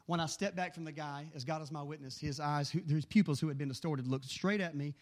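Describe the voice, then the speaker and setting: A middle-aged man preaching a sermon, telling animated stories in a quick, excitable way. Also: fairly high pitch. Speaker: pastor.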